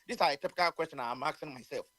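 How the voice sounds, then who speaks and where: A man, talking in quick bursts on a radio chat show. His voice is fairly high and the sound is close and dry. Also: bright, forceful tone, no echo.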